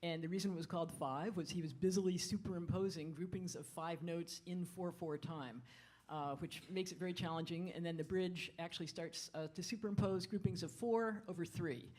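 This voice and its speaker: A woman speaks from a concert hall stage as a jazz bandleader, addressing the audience between pieces. Her talk is friendly but halting, dotted with fillers and restarts, picked up on a stage microphone. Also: on the low side, fairly even intonation, a little mellow.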